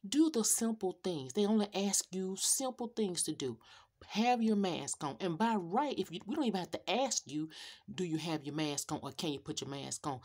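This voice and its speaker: A middle-aged woman, a rideshare driver, telling a story to her viewers in an animated, sassy rant. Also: on the low side, moderate pace. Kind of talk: casual storytelling rant to camera.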